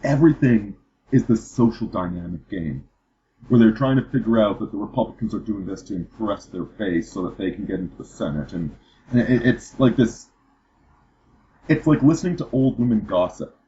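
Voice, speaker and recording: A man's voice: lowish voice, expressive, moderate pace, mellow. Man, podcast host, casual political chat, rambling, repeated words, lo-fi sound. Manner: rambling, repeats words when starting sentences. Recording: dull lo-fi podcast audio.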